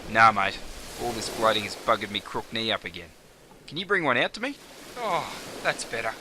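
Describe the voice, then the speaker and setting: A man's voice: on the low side, expressive, normal speed, background noise, natural voice. A man voicing a laid-back Australian beach mate, with an Australian accent and an exaggerated, bouncy delivery. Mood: mocking mate.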